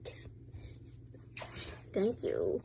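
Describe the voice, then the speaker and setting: A woman's voice: very slow, mellow, slight background noise. A woman giving her dog a series of commands.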